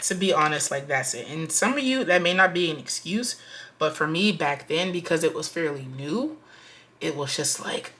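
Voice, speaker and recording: A woman's voice: low voice, animated, normal speed, bright, forceful tone, slight background noise. A woman vlogger telling a rambling, casual storytime while budgeting, full of filler words. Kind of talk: chatty storytime vlog. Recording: music playing behind.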